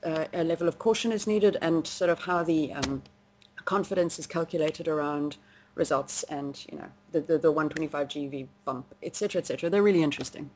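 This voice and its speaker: Lower-voiced New woman, chatty. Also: fairly quick, a little mellow, slight background noise. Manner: chatty, laughs often, frequent ums and restarts. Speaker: podcast co-host. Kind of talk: casual science chat.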